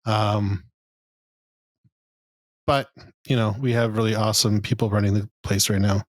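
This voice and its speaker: A man co-hosting a podcast, talking football in a relaxed, rambling way with lots of fillers and the odd swear. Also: on the low side, measured pace, no echo. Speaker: podcast co-host. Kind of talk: casual football chat.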